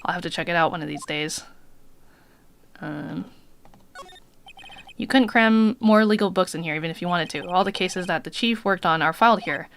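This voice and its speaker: Woman reading as a deadpan young lawyer. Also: fairly low pitch, moderate pace, gravelly, pauses often. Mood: dry. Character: wry young male defense lawyer, sardonic.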